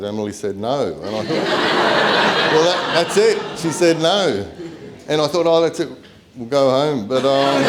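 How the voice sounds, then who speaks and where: A middle-aged Australian man, the groom's father, giving a chatty, self-deprecating wedding speech at a reception. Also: medium pitch.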